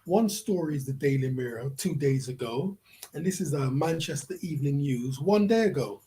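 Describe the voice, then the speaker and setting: A man's voice: on the high side, animated, normal speed, dark tone, slight background noise, low-quality recording. A man ranting in a vlog, profane and prodding the listener with repeated questions. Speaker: vlogger. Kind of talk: ranting commentary.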